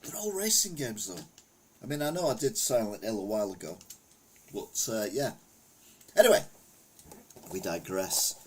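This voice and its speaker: A man's voice: lowish voice, sing-song, moderate pace, long pauses, darkish tone, slightly rough. A middle-aged man from England chatting casually on a retro gaming live stream, rambling through old stories and reading chat aloud. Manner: rambling anecdotal storytelling, reads chat aloud.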